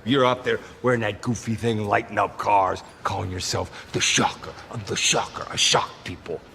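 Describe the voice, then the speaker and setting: A bitter, gravelly scrap-dealer villain. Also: male voice, fairly low pitch, moderate pace, sharp tone, a little hiss or hum. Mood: mocking. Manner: scornful, mocking. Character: bitter middle-aged male scrap salvager turned villain. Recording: film clip with long reverb.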